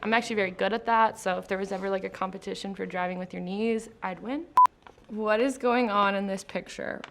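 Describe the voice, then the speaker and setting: Chatty woman with a gravelly edge. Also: mid-range voice, steady tone, a little fast, very noisy. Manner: chatty, laughing, filler-heavy. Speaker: post-production traffic manager, interview guest. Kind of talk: casual interview answers. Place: company studio.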